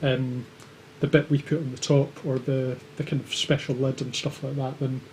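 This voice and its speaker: A man co-hosting a casual livestream, explaining things hesitantly and filling his pauses with lots of ums. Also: mid-range voice, level tone, darkish tone, slight background noise. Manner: hesitant, with many filler ums. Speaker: co-host of a maker livestream.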